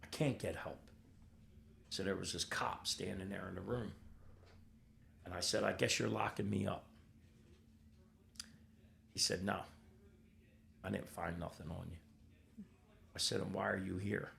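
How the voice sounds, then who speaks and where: An older man with a deep, gravelly voice tells his own story bluntly and rawly as a podcast guest, swearing freely and acting out the voices of people involved. He speaks a little slowly with fairly even intonation and frequent pauses, in a slightly bright tone, over faint hiss or hum.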